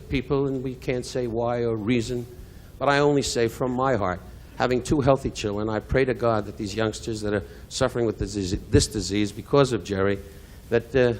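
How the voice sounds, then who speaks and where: Brash older man roasting a friend. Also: mid-range voice. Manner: brash, teasing insults mixed with sincere asides. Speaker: comedian at a benefit. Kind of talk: live insult comedy roast. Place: benefit event hall.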